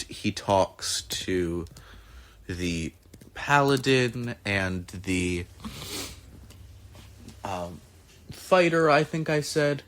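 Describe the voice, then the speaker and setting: Slow, unhurried man running a tabletop game. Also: on the low side, fairly bright tone. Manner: unhurried, with frequent fillers. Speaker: game master.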